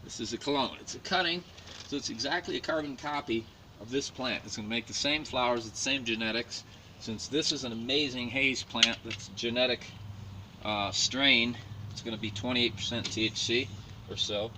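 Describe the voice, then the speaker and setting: A man's voice: medium pitch, moderate pace, bright, forceful tone. A man giving a casual, rambling how-to demonstration with plants outdoors, cracking jokes at his own expense. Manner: joking, rambling, self-mocking asides. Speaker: home gardener demonstrating plant cloning. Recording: distant mic with noisy outdoor background.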